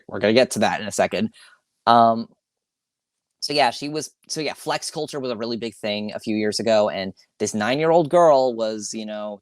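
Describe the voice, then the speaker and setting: A Long Island man hosts a solo podcast, ranting casually with a fairly low, clean voice recorded in a dry, clean studio. He swears freely, rambles, sighs, and corrects himself as he goes.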